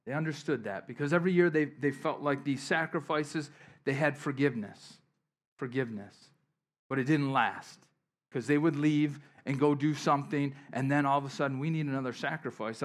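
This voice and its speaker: A middle-aged man from western New York preaching in a loose, storytelling way. His voice sits in a middle pitch, falling quiet for asides and climbing louder when he drives a point home. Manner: conversational storytelling preacher, swings from soft asides to emphatic bursts. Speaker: pastor. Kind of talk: sermon.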